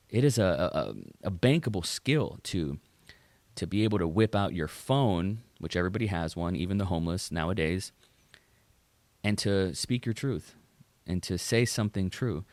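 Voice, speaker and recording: A man's voice: fairly low pitch, a little mellow, no room sound. A man hosting a podcast, earnestly talking through an article and urging listeners on. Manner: earnest, emphatic, with filler restarts. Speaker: podcast host. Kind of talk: podcast monologue reading an article.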